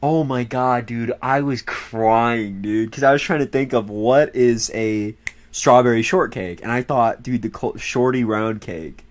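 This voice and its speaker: A man's voice: mid-range voice, steady tone, a little slow. A young man streaming, chatting casually in a rambling, profane way and laughing often.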